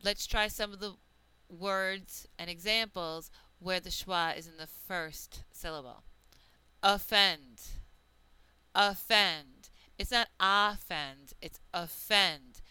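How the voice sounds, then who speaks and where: Woman teaching pronunciation, unhurried and careful, bright crisp tone, dry close sound. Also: lowish voice, fairly even intonation, no echo, low-quality recording. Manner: deliberate, stretches out example words. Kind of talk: slow, careful pronunciation lesson.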